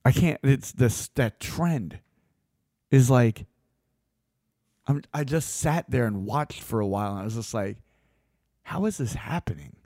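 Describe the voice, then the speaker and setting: A man delivering a blunt, opinionated monologue as a host, swearing freely and getting animated. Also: mid-range voice, a little slow, pauses often, no room sound, studio quality.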